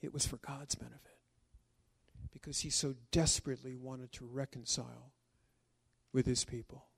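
A male pastor preaching a sermon emphatically, with dramatic pauses and stretched words. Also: medium pitch, level tone, vocal fry, breathy edge.

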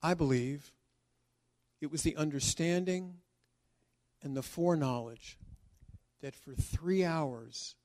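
A male pastor preaching a sermon emphatically, with dramatic pauses and stretched words. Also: on the high side, a little mellow.

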